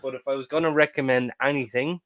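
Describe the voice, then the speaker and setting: A man's voice: medium pitch, steady tone, quick pace, fairly bright tone, no echo, dull audio. A man co-hosting a casual football podcast, opinionated and jokey. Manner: opinionated, jokey, repeats himself. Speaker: podcast co-host.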